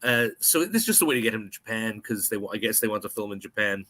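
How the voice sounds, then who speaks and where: An American man co-hosting a podcast, chatting casually and eagerly about a spy film and slipping into quick mock voices. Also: fairly low pitch. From United States. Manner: animated, puts on mock voices in quotes. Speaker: podcast co-host.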